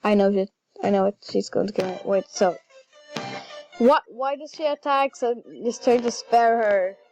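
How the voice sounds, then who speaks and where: A woman chatting casually while playing a video game, excitable and easily flustered. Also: medium pitch, moderate pace. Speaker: gaming channel host. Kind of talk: casual gameplay commentary. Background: faint game music.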